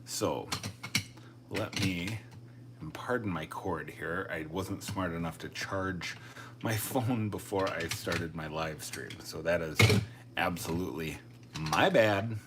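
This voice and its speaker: Low-voiced guy rambling on his live stream, keyboard clicks behind. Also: takes it slowly, very noisy. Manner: chatty, thinks aloud, self-deprecating. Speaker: coin collecting live streamer. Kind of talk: casual live stream chat.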